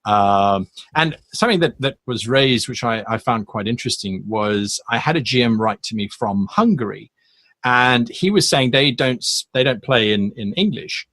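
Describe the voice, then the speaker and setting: A man talks at an even middle pitch, thinking aloud and restarting his sentences often. His voice sits dry and close to the mic, with no room around it. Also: moderate pace, dry recording. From South Africa. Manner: thoughtful, rambling with many restarts. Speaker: guest, game master YouTuber. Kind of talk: casual interview chat.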